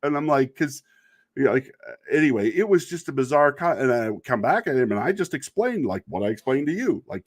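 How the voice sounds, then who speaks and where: A man's voice: medium pitch, very animated, a little fast. Rambling, wry middle-aged man. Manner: rambling, wry and exasperated, laughs at himself. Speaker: video podcast host. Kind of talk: casual monologue about online commenters.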